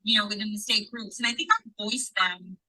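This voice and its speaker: A woman's voice: mid-range voice, brisk, bright, forceful tone, poor audio. A woman chatting casually on a podcast, swearing freely and acting out quoted dialogue as she tells a story.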